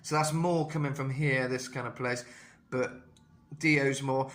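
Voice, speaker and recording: A man's voice: fairly high pitch, moderate pace, a bit bright, a little hiss or hum. A young man giving a casual vocal lesson, talking loosely with self-mocking asides between demonstrations. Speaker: vocal coach.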